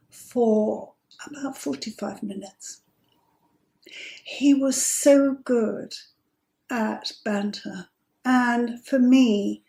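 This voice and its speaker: A woman in her fifties telling a personal story as host, chatty and amused, with breathy asides. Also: medium pitch, a little mellow, reverberant. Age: 50s.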